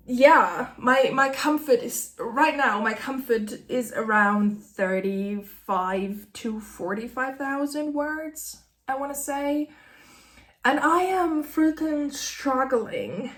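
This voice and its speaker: High-pitched woman in her late 30s doing a candid author vlog, keeps restarting and apologizing, echoey room. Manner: halting, apologetic, often restarting sentences; laughs through tears. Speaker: author vlogger. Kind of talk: candid personal update to camera. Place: at her desk, in a roomy room.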